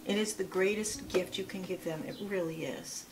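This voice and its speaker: A woman's voice: fairly low pitch, normal speed, music in the background. Chatty woman in her sixties. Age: 60s. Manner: chatty, animated, with asides and rhetorical questions. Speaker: lifestyle vlogger. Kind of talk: casual chatty advice vlog.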